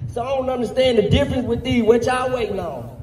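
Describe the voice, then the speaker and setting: A man speaking fiercely and defiantly at a rally for his brother who died, rising at times to shouts, recorded from afar with echo and noise. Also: very high voice, animated, quick pace. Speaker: family member of the deceased, rally speaker. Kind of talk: impassioned rally speech. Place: public rally. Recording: echoey, distant, noisy outdoor rally recording.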